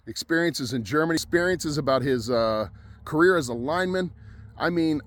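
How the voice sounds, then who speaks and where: A man's voice: on the high side, no echo. A middle-aged man from Ohio, a welding instructor, telling a personal story in a folksy, conversational way.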